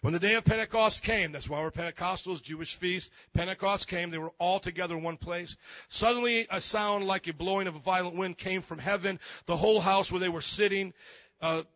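Male pastor, high bright voice, lively joking sermon, dry and a bit muffled. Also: brisk, no room sound. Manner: animated and joking, acts out quotes.

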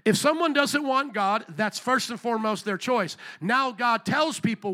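A male pastor preaching a sermon in church, emphatic, calling out to the congregation for amens and slowing down to stress key words. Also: very high voice, bright, forceful tone.

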